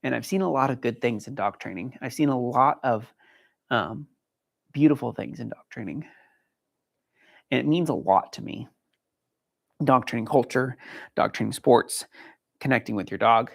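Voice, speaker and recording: A man with a gravelly, rough edge to his voice talks to his viewers in a casual livestream. He is an earnest dog trainer who encourages his audience, and his voice sits a little higher than most men's. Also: expressive, moderate pace, fairly bright tone. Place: indoor dog training facility.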